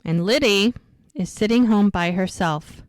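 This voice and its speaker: A woman co-host talks through an episode recap in a chatty, meandering way. Her voice is smooth and clear, at a middle pitch. The sound is dry and close. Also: measured pace, dry recording. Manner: chatty retelling with frequent fillers. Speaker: podcast co-host.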